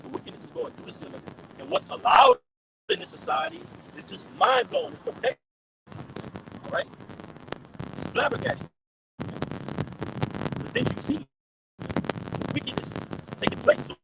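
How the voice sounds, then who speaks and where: High, lively man preaching outdoors, gravelly. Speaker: street preacher. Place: outdoors by a street. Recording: loud street noise with passing traffic.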